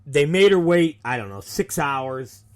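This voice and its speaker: A male show host and wrestling promoter, telling a story casually in a profane, animated way. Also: on the high side, measured pace. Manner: animated, profane, acts out the people in his stories.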